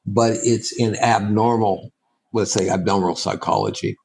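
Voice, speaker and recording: A man, a spiritual teacher, giving a reflective answer in an interview, halting and restarting as he thinks. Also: on the low side, steady tone, vocal fry, darkish tone, low-quality recording. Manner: halting and thoughtful, with frequent restarts and pauses.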